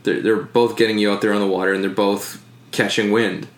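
A man in casual conversation, speaking haltingly with many fillers and restarts. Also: on the low side, little pitch movement, roomy sound. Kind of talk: casual podcast chat.

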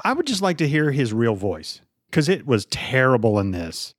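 Blunt, animated man co-hosting a podcast. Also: mid-range voice, moderate pace, no echo, studio quality. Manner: blunt, sarcastic, swears freely. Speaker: podcast co-host. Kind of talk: casual movie review chat.

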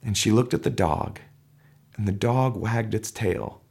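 A middle-aged male pastor giving a sermon, telling a story with animated delivery and shouting out the crowd's cheers. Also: on the low side, a little slow, creaky, husky.

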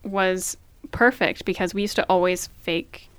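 Smooth-voiced playful woman co-host. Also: lowish voice, a little slow, fairly bright tone, no room sound. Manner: playful, teasing corrections. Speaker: podcast co-host. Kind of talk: casual chat.

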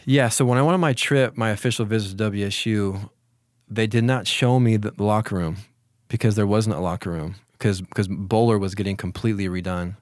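Guy in his 40s, low-ish voice, chill reflective storytelling, lots of restarts, dry sound. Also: a little fast, dry recording. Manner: relaxed, reflective, many restarts and fillers. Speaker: interview guest, former college football player. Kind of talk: casual storytelling in an interview.

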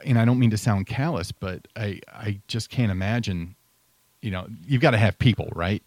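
A middle-aged man talks in a low voice, chatting casually and telling stories. He often trails off and restarts. The sound is dry and close. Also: normal speed, darkish tone, no room sound. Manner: conversational, storytelling, trails off and restarts. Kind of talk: casual chat.

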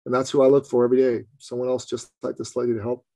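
A man telling a personal business story as a podcast guest, animated and acting out the lines of people he quotes. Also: medium pitch, fast talker, no room sound. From Canada.

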